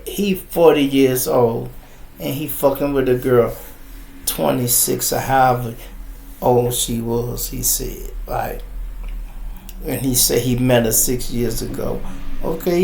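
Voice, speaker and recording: A man's voice: on the high side, vocal fry, a little mellow, roomy sound. A middle-aged man from Chicago hosting a live podcast, telling streetwise, profane stories in casual talk. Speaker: podcast host. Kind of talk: casual live-stream storytelling.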